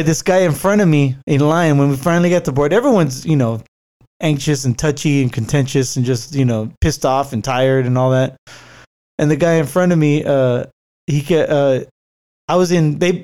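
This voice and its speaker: A man's voice: medium pitch, warm tone. A man casually telling a rambling travel story, swearing freely, with lots of fillers and restarts, and laughing easily. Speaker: traveler recounting a work trip.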